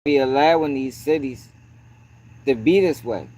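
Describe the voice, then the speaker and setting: A male livestream host with a medium-pitched, somewhat mellow voice talks at an unhurried pace. He's casual and profane, says "yo" constantly, and stops between points to greet people in the chat.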